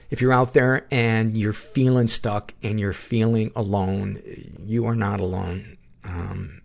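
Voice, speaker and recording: A man hosting a podcast, reading listener surveys aloud and responding in a warm, reflective, chatty way. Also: lowish voice, fairly even intonation, unhurried, vocal fry. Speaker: podcast host.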